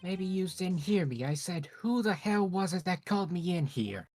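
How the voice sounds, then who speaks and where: A woman's voice: lowish voice, expressive, moderate pace, a little mellow, faint music behind. A woman doing Furio Tigre, a growling Brooklyn thug. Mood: aggressive. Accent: put-on Brooklyn. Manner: snarling, tough-guy bluster. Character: gruff male street thug, hot-tempered and threatening. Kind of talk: live fan dub of a game.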